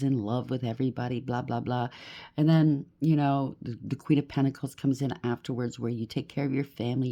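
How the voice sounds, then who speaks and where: Tarot reader, collective reading, blunt, emphatic, lists traits, dark mellow tone. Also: mid-range voice. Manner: blunt and emphatic, often tagging "okay?".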